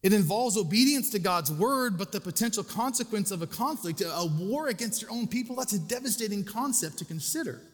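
A man's voice: sits high, expressive, a little fast, few pauses, big-room sound. A male pastor preaching a sermon, conversational and self-deprecating, with casual asides to the congregation.

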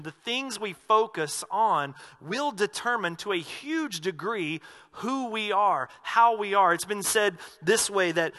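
A male pastor preaching a sermon in a conversational way, with asides and self-corrections, slowing down to stress key phrases. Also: sits high, pushed and bright. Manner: slows down for emphasis on key phrases.

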